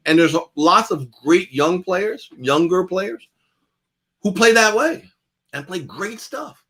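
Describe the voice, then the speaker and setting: A man giving a master class on guitar in a relaxed, conversational way. He repeats phrases for emphasis and swings between loud and soft. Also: sits high, slow.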